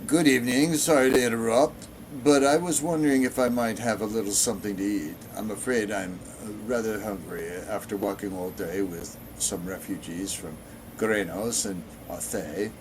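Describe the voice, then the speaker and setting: A man's voice: on the low side, moderate pace, noisy background, natural voice. A man voicing a polite, slightly anxious male Imperial builder in a voice close to his own, speaking courteously.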